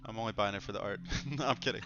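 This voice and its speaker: A man's voice: fairly low pitch, very fast, fairly bright tone. Laid-back man hosting a livestream chat. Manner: easygoing, joking, reads chat aloud. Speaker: host. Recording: dull lo-fi stream audio with faint music.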